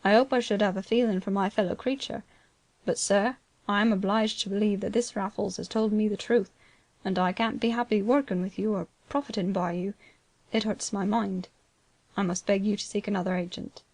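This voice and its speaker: A woman voicing a grave, gentle, plain-spoken older male land agent, speaking quietly, slowly and solemnly. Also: medium pitch, fairly even intonation, no room sound, lightly acted.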